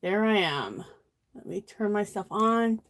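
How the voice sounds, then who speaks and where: A woman's voice: mid-range voice, expressive, a little slow, no echo. A middle-aged woman chatting casually on a home craft livestream, greeting viewers by name and a bit out of breath. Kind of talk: casual live-stream chat while crafting.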